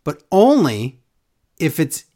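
Animated, mocking man on a podcast. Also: a little high, takes it slowly. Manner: animated, mocking, acts out quoted wrestlers in exaggerated voices. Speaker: wrestling podcast host. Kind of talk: casual opinionated chat.

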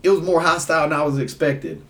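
A man telling rambling, animated stories in casual chat, full of fillers. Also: a little high, fast talker, distant mic. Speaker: guest. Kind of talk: casual storytelling.

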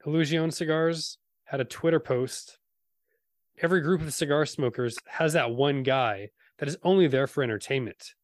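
A man's voice: a little high, moderate pace, dry recording. A man co-hosting a casual podcast chat, reading out posts and trading dry jokes. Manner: dry, joking delivery. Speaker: podcast co-host.

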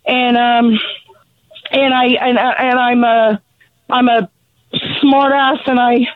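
A middle-aged woman, out of breath from pacing, speaks angrily and bluntly with halting restarts about losing her son. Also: a little high, level tone, dry recording. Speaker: grieving mother of a fallen Marine, calling in. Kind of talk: emotional phone testimony. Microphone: telephone. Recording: tinny, dry phone line.

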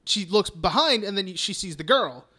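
A man's voice: high voice, lively intonation, moderate pace, bright, forceful tone. A young man hosting a podcast, recapping a film in rambling, profane casual chat full of "like". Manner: rambling, profane, heavy use of "like". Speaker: podcast host.

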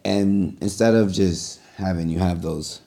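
A man co-hosting a casual podcast, interviewing his co-host in a relaxed way with easy laughs. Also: low-pitched, a little slow, creaky.

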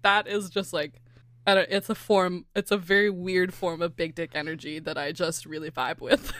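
Californian woman host, animated, laughs a lot, dry close sound, casual chat. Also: on the low side, normal speed, no room sound. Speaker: podcast host.

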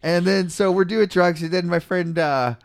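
A man's voice: high voice, moderate pace, no room sound, studio quality. A man co-hosting a casual podcast, telling rambling anecdotes and reading scripture aloud, acting out the people he quotes. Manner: storytelling, acts out quoted voices loudly. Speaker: podcast co-host.

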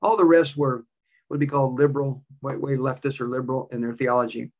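A man's voice: medium pitch, fairly even intonation, quick pace, lo-fi sound. A male preacher delivering a sermon with a personal story, emphatic and repeating key phrases.

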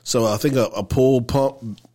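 This is a man co-hosting a podcast, and he speaks. He talks in a laid-back, rambling way, at an even middling pitch. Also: a little slow. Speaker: podcast co-host. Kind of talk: casual chat.

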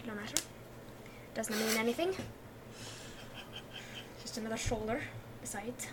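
Brief: woman doing a gruff Scottish woman adventurer, clipped and blunt, high voice. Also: unhurried, background noise, lightly acted. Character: gruff young woman adventurer, squirrel-loving.

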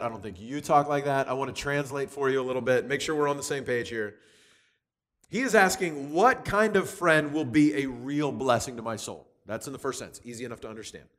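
A man giving a conversational sermon, lively and chatty, often restarting with repeated words. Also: mid-range voice. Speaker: youth speaker teaching from Proverbs.

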